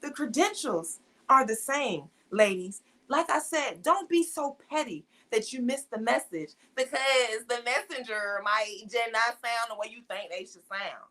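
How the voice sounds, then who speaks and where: A woman's voice: a little high, expressive, a little slow, hardly any pauses, fairly bright tone. A woman hosting a live-streamed talk show, speaking emphatically and repeating her points, switching between casual and more formal ways of talking. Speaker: show host.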